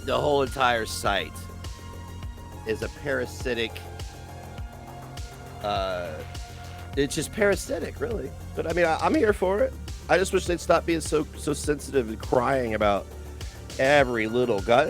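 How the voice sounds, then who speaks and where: Guy ranting on his stream, bit high voice, swears a lot, sarcastic. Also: big pitch swings, moderate pace, pauses often, fairly bright tone, soft background music. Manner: profane, mocking, sarcastic. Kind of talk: ranting livestream commentary.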